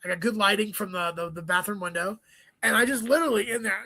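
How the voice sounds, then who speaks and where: High, bright-voiced profane comedian. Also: male voice, vocal fry, dry recording. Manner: profane, rapid storytelling with joking asides. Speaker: stand-up comedian guest. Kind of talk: casual interview chat.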